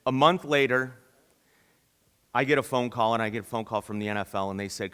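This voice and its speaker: A man delivering a storytelling keynote at a conference, lively and playing out the voices of the people he quotes. His voice sits at an ordinary pitch and trails off into a long hall reverb. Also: fairly quick, long pauses, smooth. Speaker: keynote speaker.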